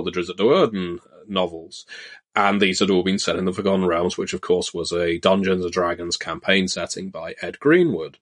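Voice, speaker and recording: A man's voice: deep voice, fairly bright tone. A British man in his thirties telling wry, self-deprecating anecdotes in a casual chat, with frequent hesitations. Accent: British English. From Britain.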